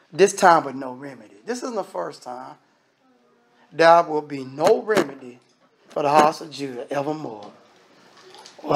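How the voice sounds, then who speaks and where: A man's voice: a little high, creaky, fairly bright tone. A man preaching a sermon in a conversational way, often acting out the voices of the people he quotes.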